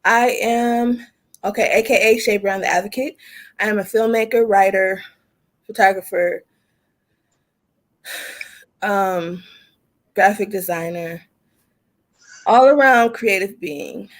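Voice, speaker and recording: A woman's voice: mid-range voice, slow pace, long pauses. A woman in her thirties hosting a casual group video call, playful and teasing as she introduces herself. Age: 30s. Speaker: host and advocate.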